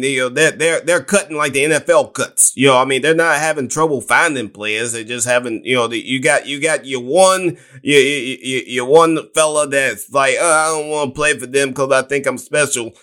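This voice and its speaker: A man's voice: medium pitch, normal speed, few pauses. A man on a sports talk panel, repeating himself and breaking in with "hey". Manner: animated, repetitive, interjects "hey".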